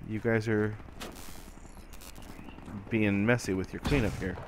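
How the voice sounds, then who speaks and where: A man's voice: on the low side, steady tone, slow, noisy background. A man casually commentating his own online shooter match, rambling and stammering, often mocking himself. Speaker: gameplay commentator.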